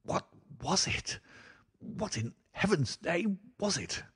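A man's voice: fairly high pitch, expressive, normal speed, vocal fry, breathy edge, no room sound, studio quality, pitched above the performer's own voice, heavily acted. A man voicing a terrified young nobleman just saved from attack, breathless and pleading. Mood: shaken.

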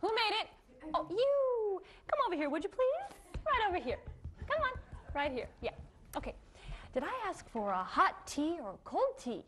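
A woman's voice: very high voice, big pitch swings, moderate pace, a bit bright, exaggerated voice. A woman playing a vain, rude female talk show host in a comedy sketch, snide and condescending. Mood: bossy.

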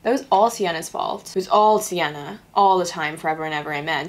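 A woman's voice: on the low side, a little fast. A woman hosting her channel, reading fan fiction aloud with comedic commentary and sarcastic, sardonic asides. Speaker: channel host.

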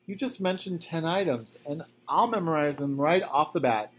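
A lonely old man with the excitable glee of a big kid, his voice pushed up higher than the reader's own, as a man reads him aloud. He rattles on eagerly, then sags when his company wants to leave. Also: moderate pace, a little hiss or hum. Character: cheerful lonely old male retired electrician.

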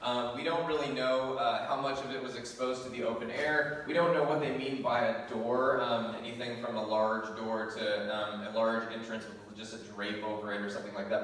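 A male pastor preaching a sermon, reading scripture aloud and telling the story with lively, animated asides and laughs. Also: mid-range voice, slight background noise. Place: church sanctuary. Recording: echoey church hall from far off.

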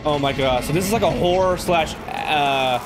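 A young man giving excitable let's play commentary on a game, jumpy and shouting when startled. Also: fairly high pitch, normal speed, background noise. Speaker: gaming video host. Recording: loud game sound under voice.

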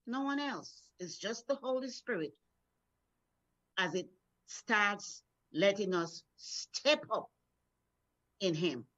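A woman's voice: fairly high pitch, fairly bright tone. Encouraging woman minister preaching, lo-fi sound. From Florida, USA. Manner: encouraging, storytelling, repeats words when building up. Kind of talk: devotional sermon. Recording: dull lo-fi sound.

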